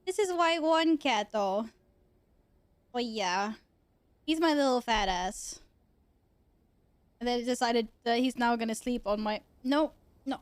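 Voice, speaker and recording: A woman's voice: on the high side, clean tone, no echo. A young woman streaming from her computer at home, chatting casually, swearing freely and cooing at her cats. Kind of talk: casual chat.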